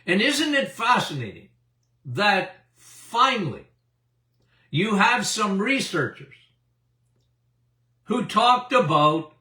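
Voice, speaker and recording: Animated older man, bright and roomy. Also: high-pitched, slow pace, pauses often. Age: 70s. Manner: emphatic and repetitive, with chuckles. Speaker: doctor hosting a health show. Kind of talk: animated health talk to an audience. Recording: roomy, distant mic.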